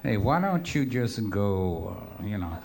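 A man's voice: fairly low pitch, big pitch swings, unhurried, creaky, darkish tone, slight background noise. A man telling rambling, profane stories to a live audience with a wry, offhand manner. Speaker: storyteller performing for an audience. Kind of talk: live spoken storytelling.

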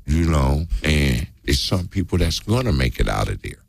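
A man's voice: a bass voice, very animated, moderate pace, creaky, dry recording. A man in his thirties or forties speaking earnestly in a casual group discussion, preaching and repeating his key phrases. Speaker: discussion participant.

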